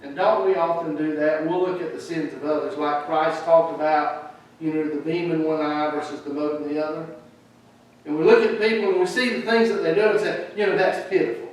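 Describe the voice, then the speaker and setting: Preacher guy, high voice, acts out the quotes, far off mic in a super echoey church. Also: a little fast. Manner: animated, acts out quoted speech. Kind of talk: sermon.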